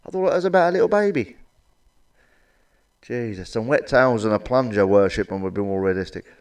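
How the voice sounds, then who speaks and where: A middle-aged man doing blunt, crude stand-up one-liners with a deadpan delivery and plenty of swearing. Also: fairly low pitch, a little fast, clean tone, far from the mic. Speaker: stand-up comedian.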